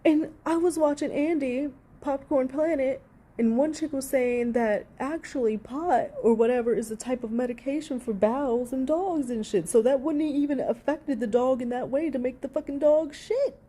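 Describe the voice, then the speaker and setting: Profane ranting woman with a mellow voice. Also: high-pitched, normal speed. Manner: heated, profane, sarcastic. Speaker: commentator. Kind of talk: ranting reaction commentary.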